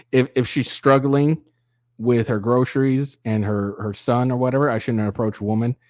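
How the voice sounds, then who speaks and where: A man's voice: medium pitch, steady tone, moderate pace, darkish tone, dry recording. Male commentary host, mocking and profane, dry close sound. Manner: mocking, profane, mimics voices. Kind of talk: sarcastic reaction commentary.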